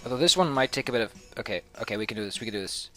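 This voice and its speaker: A man's voice: lowish voice, expressive, racing, a bit bright, faint music behind. A man giving casual gameplay commentary as a let's play host, with sarcastic, mock-villainous rants and swearing.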